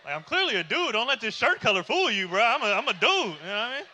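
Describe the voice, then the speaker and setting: Male stand-up comic in his thirties: loose, chatty delivery with lots of fillers and rhetorical questions, high, very bright voice. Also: big pitch swings, fast, slight background noise. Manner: loose and conversational with many fillers; asks the audience rhetorical questions. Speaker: stand-up comedian. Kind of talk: stand-up comedy.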